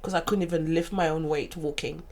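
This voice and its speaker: A woman's voice: sits low, fairly even intonation, a little fast, a little mellow. A woman in her forties telling a personal story as a guest in a sofa chat. She talks earnestly and openly, and she acts out other people's remarks. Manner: earnest and open about painful memories. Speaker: podcast guest.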